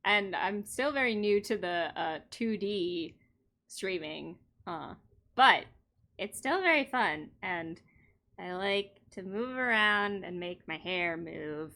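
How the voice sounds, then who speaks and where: Young woman streamer, bright and giggly, unhurried. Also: mid-range voice. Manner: giggly, chatty, animated. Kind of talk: casual live-stream chat.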